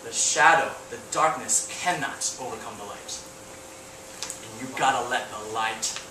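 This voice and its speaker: A man's voice: medium pitch, a little slow, echoey room, distant mic, noisy background. A man preaching a sermon, telling an emotional personal story with many restarts and rising intensity. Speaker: pastor. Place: church hall.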